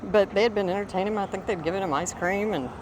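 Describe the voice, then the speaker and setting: A fast-talking middle-aged woman of medium pitch rambles through a story while walking her dog outside for her vlog, stopping at times to call it. Background noise is audible.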